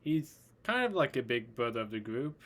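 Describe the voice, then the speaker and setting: A man voicing a big, calm, self-assured male warrior in a read-aloud fan story. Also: medium pitch, normal speed.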